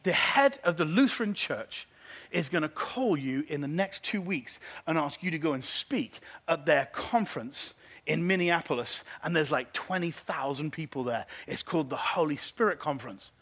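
A man preaching as pastor, telling a story and acting out the people in it, animated and lively. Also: on the high side, moderate pace, slightly rough. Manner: animated, acts out phone conversations. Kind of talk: sermon storytelling. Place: church.

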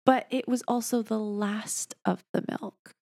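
Young female co-host, creaky tone, dry close sound, chatty and self-mocking. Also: on the high side, fairly even intonation, measured pace, darkish tone, dry recording. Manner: chatty storyteller, self-deprecating. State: sleep-deprived. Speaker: podcast co-host. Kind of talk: casual chat.

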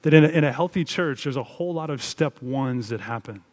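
A man's voice: medium pitch, fairly quick, a little mellow. A man preaching a sermon as a pastor, earnest and conversational, with emphatic rises in his delivery.

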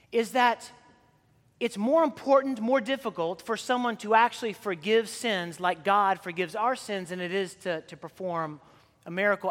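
A man's voice: high voice, sharp tone. A man preaching a sermon as a priest, telling stories in a conversational way. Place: church sanctuary. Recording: long church reverb.

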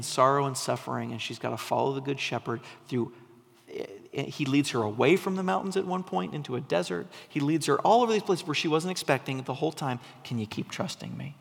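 A man preaching a sermon, telling a story with animation and sometimes dropping to a soft, intense tone. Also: medium pitch, vocal fry. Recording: long hall reverb.

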